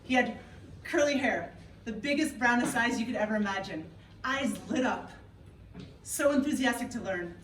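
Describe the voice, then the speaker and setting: On stage in an event hall, a woman in her thirties from Canada tells a funny story at a moderate pace, her voice a little high. She's lively and playful, talking to the live crowd, and the noisy recording carries hall echo from a far-off mic.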